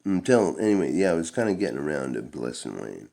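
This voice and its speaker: A man's voice: a bass voice, big pitch swings, quick pace, creaky, dark tone. A middle-aged man telling a long-winded, profane personal story in a laid-back, rambling way. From Canada.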